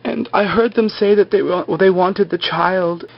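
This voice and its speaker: A man's voice: high voice, unhurried, vocal fry, lo-fi sound, pitched above the performer's own voice, full character voice. A man voicing a frightened woman castaway, pleading breathlessly in a raised voice. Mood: tearful.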